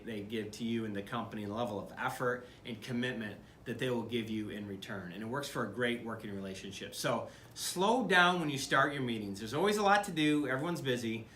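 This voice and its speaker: A man's voice: medium pitch, animated, brisk, hardly any pauses, fairly bright tone, reverberant, slight background noise. A middle-aged man from Michigan, a business leader talking earnestly to camera in a conversational way, with many fillers and restarts. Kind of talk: speaking to camera about leadership.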